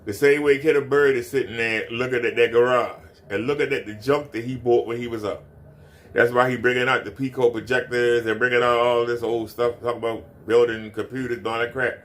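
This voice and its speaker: Guy ranting on his stream, mocking, keeps repeating himself, aave, mid-pitched voice. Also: steady tone, brisk, fairly bright tone. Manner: repetitive, mocking. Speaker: commentary streamer. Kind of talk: ranting commentary.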